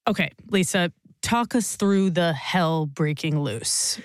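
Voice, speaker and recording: A woman hosting a news podcast, asking calm, probing questions. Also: lowish voice, slow pace, no room sound, studio quality. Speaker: podcast host.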